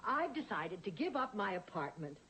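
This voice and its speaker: An actress playing a wry, tired mother in her seventies who delivers deadpan quips in a sitcom. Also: medium pitch, normal speed, slight background noise. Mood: dry. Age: 70s. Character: wry elderly mother, tired and dryly witty. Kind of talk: sitcom acting. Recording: sitcom audio with studio audience.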